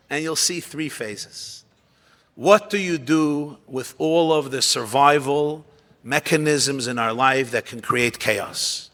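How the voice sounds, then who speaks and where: Animated rabbi in a reverberant ballroom. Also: male voice, high voice. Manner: animated, dramatic storytelling with sudden drops to near-whispers. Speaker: rabbi giving a talk. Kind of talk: storytelling sermon at a gathering. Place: large ballroom. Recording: long hall reverb.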